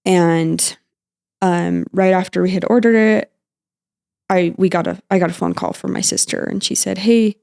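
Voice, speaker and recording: As a podcast guest, a young woman tells a personal story of loss in a low, gravelly voice with fry that's a little mellow and fairly even in intonation. She speaks haltingly with frequent fillers and restarts, and at times sounds emotional and close to tears.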